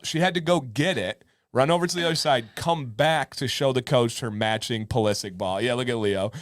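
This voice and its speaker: A man co-hosting a live show in casual chat, a lively storyteller who acts out other people's voices. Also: on the high side, fairly quick, few pauses, no echo, clean studio sound. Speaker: co-host of a live advice show.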